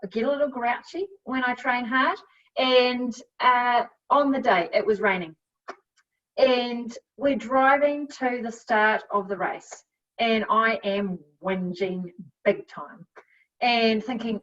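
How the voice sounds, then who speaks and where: A middle-aged woman with a New Zealand accent telling her story as a podcast guest, chatty and quick to laugh, with plenty of fillers. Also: fairly high pitch, steady tone, a bit bright. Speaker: guest, cycle coach. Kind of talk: casual storytelling. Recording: dull, a bit distant from mic.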